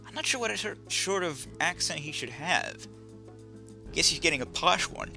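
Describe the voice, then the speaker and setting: A man chatting casually over a video game, tossing out joking asides. His voice is very bright and forceful, with faint music playing behind him. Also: fairly high pitch, animated, moderate pace, gravelly. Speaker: let's play commentator.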